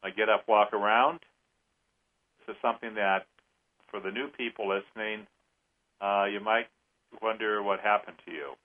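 Rambling low-voiced man on a phone line. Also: fairly even intonation. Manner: rambling, halting. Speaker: co-host. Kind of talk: casual radio talk. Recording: tinny phone-line sound.

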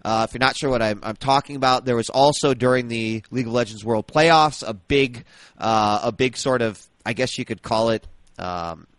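A man's voice: medium pitch, moderate pace, fairly bright tone, dry recording. A man hosting a casual esports podcast, talking loosely with lots of fillers and restarts. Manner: hesitant, many fillers and restarts. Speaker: podcast host.

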